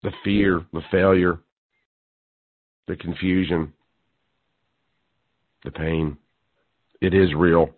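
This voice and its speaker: A male talk radio host working through a mocking, sarcastic monologue and rising to loud disbelief. His voice is squeezed thin like a phone line. The sound is dry, with no room around it. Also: low voice, steady tone, slow, pauses often, no echo. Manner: sarcastic, mocking, building to incredulous outbursts.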